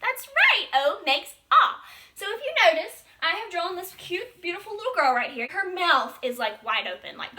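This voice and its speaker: A young woman leads a phonics lesson for little children, her high voice bouncing all over the place. She draws out the sounds in a bright, ringing, sing-song teacher voice. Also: sing-song, moderate pace. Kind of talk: early-grade phonics lesson.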